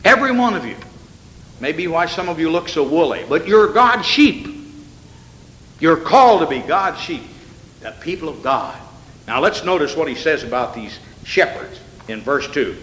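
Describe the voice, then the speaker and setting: A man's voice: a little high, animated, normal speed, a bit bright. A male pastor giving an evening sermon in a church, reading scripture and pressing points with rhetorical questions and folksy asides. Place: church sanctuary. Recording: echoey hall with long reverb.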